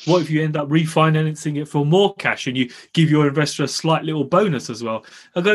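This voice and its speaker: A man's voice: a little high, brisk, slightly rough. A man hosting a podcast, chatting in an upbeat way and agreeing readily with his guest. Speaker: podcast host. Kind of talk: casual interview chat.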